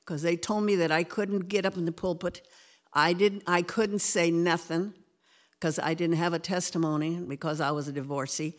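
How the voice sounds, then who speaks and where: A woman's voice: fairly low pitch, steady tone, normal speed. An older woman telling her church testimony in an earnest, rambling way, her voice lifting when she quotes people. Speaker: guest giving a testimony.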